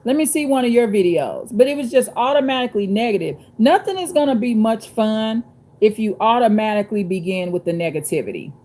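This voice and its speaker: A woman's voice: fairly high pitch, lively intonation, brisk, mellow. A woman hosting her own live stream from home, telling stories to her viewers with emphatic, repetitive phrasing and calling them y'all. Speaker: YouTube channel host. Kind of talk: live-stream chat and storytelling. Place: at home, downstairs.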